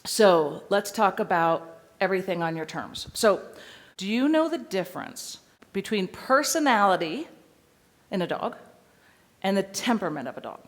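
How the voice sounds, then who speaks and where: A woman dog trainer speaks to a seminar audience. Her voice sits at a middle pitch, and she teaches in a lively, playful way. Now and then she acts out what a dog would say. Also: moderate pace.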